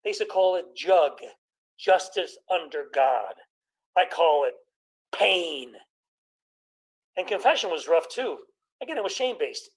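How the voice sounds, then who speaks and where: A man in his sixties doing a stand-up comedy routine, telling stories about his childhood with quick jokes and impressions of his family. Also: high voice, animated, poor audio.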